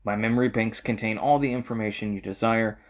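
A man's voice: fairly low pitch, fairly even intonation, fast talker, lightly acted. A man voicing a cocky male supercomputer in a tabletop gamebook, speaking in stiff, haughty pronouncements. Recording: muffled lo-fi audio.

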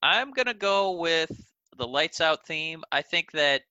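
Very bright, playful male podcast co-host. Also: fairly high pitch, lively intonation, a little slow, highs cut off, a little hiss or hum. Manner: playful, jokey. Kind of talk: casual wrestling podcast chat.

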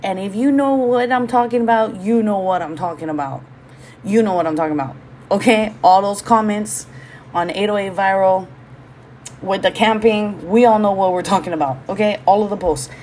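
A woman's voice: mid-range voice, normal speed, a little mellow, slight background noise. A woman from Hawaii, hosting a casual solo podcast from home, talking candidly, swearing freely and drifting into side rants. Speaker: podcast host.

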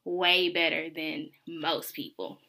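A woman's voice: low voice, fairly even intonation, slow, vocal fry, bright, forceful tone. A young woman hosting a faith podcast, talking earnestly and confessionally, with lots of "like". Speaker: podcast host. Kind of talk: casual faith podcast monologue.

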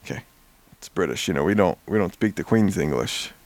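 A man recapping a story in casual chat, animated and swearing freely. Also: low voice, brisk, dry recording. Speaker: podcast co-host.

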